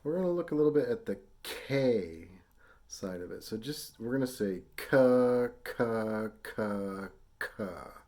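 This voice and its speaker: A man's voice: mid-range voice, very animated, normal speed, warm tone. A man teaching a brass lesson, speaking patiently and casually with fillers, and sounding out tonguing syllables for students to copy. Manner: patient, demonstrates syllables aloud. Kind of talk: instructional lesson.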